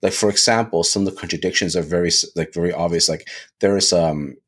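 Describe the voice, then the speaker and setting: A man talking casually on a podcast, animated, restarting phrases and often asking "right?". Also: low voice, fast talker, husky. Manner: animated, repeats words, lots of "right?". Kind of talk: casual discussion.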